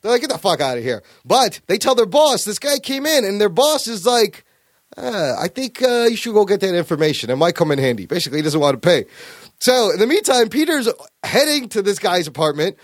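A man hosting a casual podcast, animatedly retelling a comic story with profanity and quick acted-out quotes. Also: sits high, big pitch swings, no echo, clean studio sound. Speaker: podcast host. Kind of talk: casual comic book chat.

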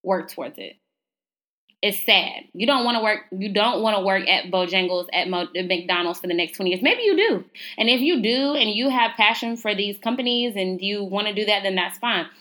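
A woman's voice: mid-range voice, a little fast, sharp tone. A young woman hosting her own podcast, talking casually and preachily to her listeners. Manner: casual, chatty and preachy, addresses listeners as y'all. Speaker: podcast host. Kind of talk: motivational solo podcast talk.

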